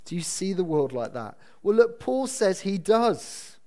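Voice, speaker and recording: A man's voice: high voice, sing-song, measured pace, darkish tone. Earnest man preaching a sermon. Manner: earnest, asks the congregation questions, repeats key phrases. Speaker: pastor. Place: church building.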